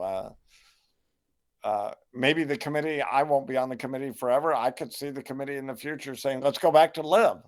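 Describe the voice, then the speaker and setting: An older man speaks as a scholar, weighing his answers with care. He talks in a measured, reflective manner, often pausing and restarting as he thinks things through. His voice sits at an ordinary middle pitch. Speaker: New Testament scholar and Bible translator, guest. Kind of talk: thoughtful interview answers.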